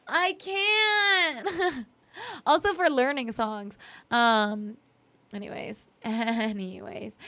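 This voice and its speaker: Bright, giggly woman streamer. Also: a little high, dry recording. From Canada. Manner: chatty and giggly, with many ums and quick thank-yous. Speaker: streamer and musician. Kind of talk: casual chat with live stream viewers.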